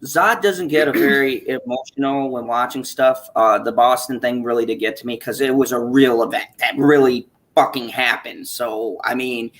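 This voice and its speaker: A man in his thirties hosting a casual chat stream, animated and profane, laughing often as he talks. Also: medium pitch, moderate pace, few pauses. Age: 30s. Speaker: stream host.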